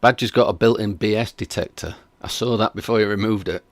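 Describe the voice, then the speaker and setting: A man's voice: fairly low pitch, brisk, no room sound. A man hosting a reaction stream, chatting casually and skeptically while reading out viewer comments. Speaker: reaction video host.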